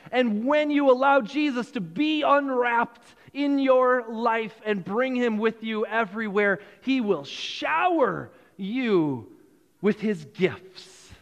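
High-voiced man preaching in a reverberant hall. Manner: conversational preaching with repeated phrases and restarts. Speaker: pastor. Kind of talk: Christmas sermon. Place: church sanctuary.

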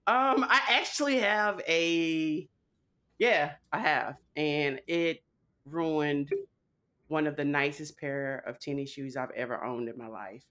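A woman's voice: low voice, fairly even intonation, a little slow, a bit bright. A woman co-hosting a podcast in casual chat, playful and laughing often. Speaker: podcast co-host.

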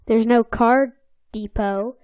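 A woman's voice: fairly high pitch, steady tone, slow, no echo, highs cut off. A woman co-hosting a podcast, chatting casually and playfully, sometimes slipping into silly voices. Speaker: podcast co-host. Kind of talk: casual chat recapping a cartoon episode.

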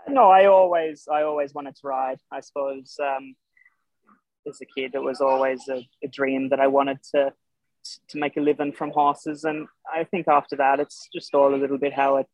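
A young Australian man with an Irish-tinged accent, a showjumping guest chatting casually, halting with many fillers and restarts. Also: medium pitch, flat delivery, no room sound. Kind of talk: casual interview chat. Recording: dull lo-fi podcast sound.

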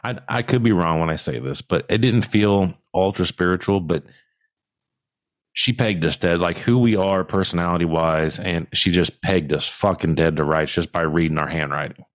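A man with a very low voice tells a story on a podcast in a loose, animated way, swearing freely. The sound is dry and close. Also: normal speed, no room sound. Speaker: podcast host. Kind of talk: casual podcast chat.

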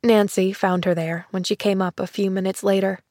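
A woman narrating a classic children's story in a measured, gentle storytelling voice. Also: mid-range voice, little pitch movement, no room sound, clean studio sound. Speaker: audiobook narrator.

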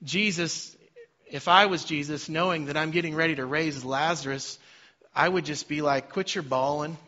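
Bright-voiced man preaching a sermon. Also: a little high, steady tone, moderate pace, lo-fi sound. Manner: dynamic preaching with sudden loud and soft swings. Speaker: pastor.

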